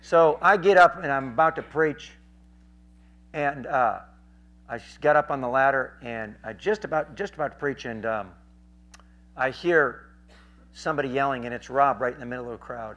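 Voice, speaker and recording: A man's voice: mid-range voice, normal speed. A man preaching a sermon, telling stories in a rambling conversational way with many fillers and acting out the people in them. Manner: animated, acts out the people in his stories. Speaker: street preacher. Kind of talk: sermon with storytelling.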